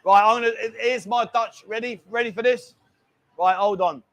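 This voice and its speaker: A man's voice: high voice, steady tone, normal speed, a bit bright. A man hosting a casual live stream from a bar, joking around and reading viewer messages aloud.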